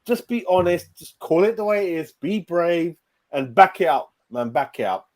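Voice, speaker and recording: A man's voice: on the high side, lively intonation, moderate pace. A man hosting a sweary post-match reaction chat, brash and matey, calling everyone "mate" and "bro".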